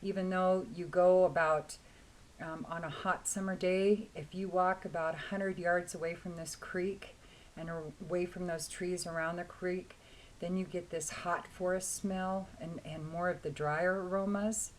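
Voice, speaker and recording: Hoarse woman reviewer, casual rambling delivery, slightly low voice, light background hiss. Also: steady tone, measured pace, poor audio. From Washington State, US. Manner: chatty, rambling, frequent throat-clearing. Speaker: fragrance reviewer.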